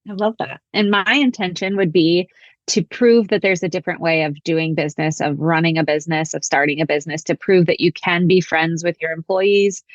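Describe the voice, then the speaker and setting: A woman's voice: fairly low pitch, fairly even intonation, a little fast, dry recording, lo-fi sound. A woman guest on a podcast speaking earnestly, repeating phrases for emphasis. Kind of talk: casual chat.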